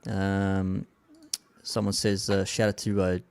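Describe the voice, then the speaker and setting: A man's voice: deep voice, little pitch movement, slow, vocal fry, darkish tone, clean tone. A man hosting a casual commentary show, reading viewer comments in a laid-back way, dropping "man" and "like" often.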